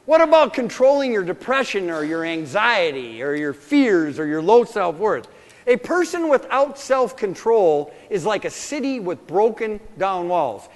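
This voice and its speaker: A man's voice: sits high, very animated, measured pace. A male pastor preaching a sermon with passionate, conversational delivery, often restarting his sentences. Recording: long hall reverb.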